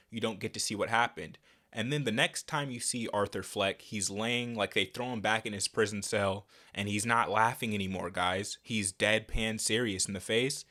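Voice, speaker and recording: A male movie reviewer rants with animated, exasperated energy. His voice sits on the low side, and he talks loosely and casually, full of slang.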